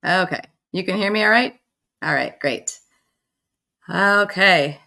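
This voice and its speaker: A middle-aged woman hosting a casual livestream, chatty and warm with her viewers, greeting them by name and laughing often. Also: lowish voice, expressive, takes it slowly, vocal fry. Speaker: livestream host.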